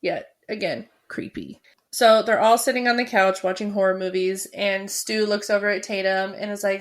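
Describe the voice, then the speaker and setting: A woman's voice: mid-range voice, steady tone, normal speed, a bit bright. A woman co-hosting a podcast, casually recapping a horror film in a chatty way with many fillers. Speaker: podcast co-host.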